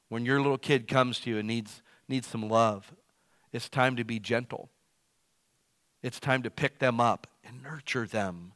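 Loud, animated male preacher. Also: medium pitch, a little slow, dry recording. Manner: animated, swings between loud emphasis and quiet asides; self-described as loud. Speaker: pastor. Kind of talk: sermon.

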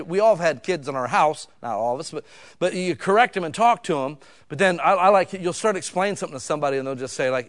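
A middle-aged man preaching in a plain, folksy manner. His voice sits a little high for a man, and he talks casually, then breaks into loud, emphatic stretches. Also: expressive, fast. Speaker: pastor. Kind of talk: sermon.

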